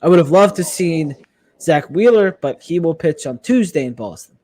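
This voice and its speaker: A man with a fairly high voice co-hosts a casual sports podcast, running through numbers and matchups briskly. The sound is close and dry, with no room behind it. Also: animated, a little mellow, no room sound. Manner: reads stats and matchups, brisk and upbeat. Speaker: podcast co-host.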